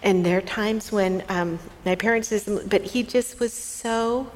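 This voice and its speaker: A middle-aged woman co-hosting a faith-based talk, telling a parenting story in a lively way, laughing often and dropping to a soft voice when she quotes someone. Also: mid-range voice, unhurried. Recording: reverberant room with faint hiss.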